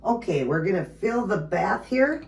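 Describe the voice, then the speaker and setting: A woman's voice: mid-range voice, measured pace, creaky. A woman vlogging casually at home, chatty and doting as she shows off a doll. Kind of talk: casual show-and-tell vlog. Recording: steady background noise.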